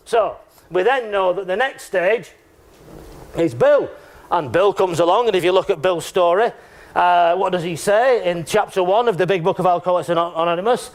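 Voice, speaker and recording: A man's voice: high-pitched, normal speed. A man giving a conference talk in a chatty, joking way, often checking in with the audience. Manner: chatty and joking, with frequent tag questions. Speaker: conference speaker. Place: lecture room.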